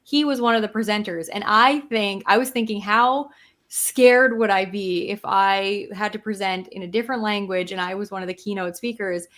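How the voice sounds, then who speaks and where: A woman's voice: medium pitch, moderate pace, a bit bright. A woman co-hosting a podcast in casual chat. She is curious and musing, thinking aloud with many "like" fillers as she asks questions. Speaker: podcast co-host.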